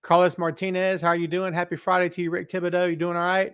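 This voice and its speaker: A middle-aged man with a somewhat high voice hosts a live wrestling chat show. He greets his viewers with animated energy and speaks earnestly when he gets serious. He is recording alone in a large building. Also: fast, clear, resonant tone, dry recording, clean studio sound. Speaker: wrestling podcast host. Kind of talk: casual live-stream chat. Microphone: webcam setup.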